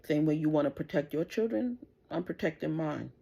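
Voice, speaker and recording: This middle-aged vlogger's deep voice is gravelly, dark and husky, animated and brisk. She rants angrily to camera, cursing and confrontational, and keeps jabbing with "you understand?"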